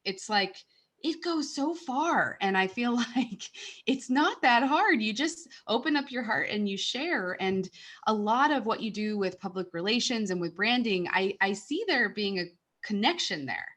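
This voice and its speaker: A woman's voice: mid-range voice, animated, a little slow, fairly bright tone. A woman hosting a podcast, speaking in a heartfelt, earnest way in casual conversation. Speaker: podcast host.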